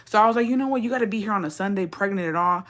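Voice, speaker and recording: A woman's voice: medium pitch, rapid-fire. A young woman hosting a livestream, telling a story in a slangy, profane, chatty rant and reading out viewer comments. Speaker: livestream host.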